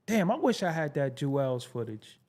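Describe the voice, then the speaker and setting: A man hosting his own show, talking bluntly in a casual commentary monologue. He swings from low mutters to high, incredulous outbursts. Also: sing-song, normal speed, a little mellow. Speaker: show host.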